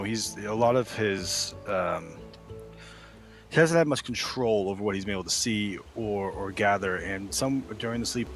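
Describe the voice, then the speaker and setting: Low-voiced male player, music behind. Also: a bit bright. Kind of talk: casual tabletop play.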